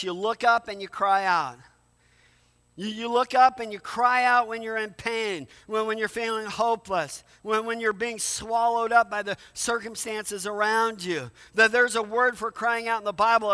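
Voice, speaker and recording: Bright, high-voiced man preaching in a hall. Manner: conversational, repeats words, asks rhetorical "right?". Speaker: pastor. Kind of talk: sermon.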